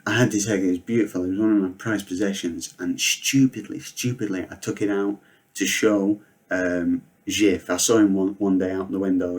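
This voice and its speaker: A man in his thirties tells comic stories in a deadpan, rambling manner. He swears freely and wanders off on tangents. His voice sits on the low side. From Northwest England. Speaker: comedian. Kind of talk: comedic storytelling monologue.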